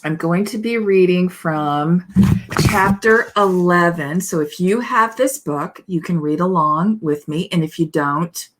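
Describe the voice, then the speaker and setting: A woman's voice: lowish voice, unhurried, slight background noise. A woman minister giving a conversational spiritual talk, chatty and digressive, often adding "you know" and "right?" as she reads aloud from a book with asides.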